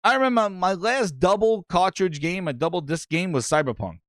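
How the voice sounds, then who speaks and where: A man's voice: high-pitched, a little fast, no echo. Male podcast host, profane live-stream rant, dry close sound. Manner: animated, profane, reads chat aloud.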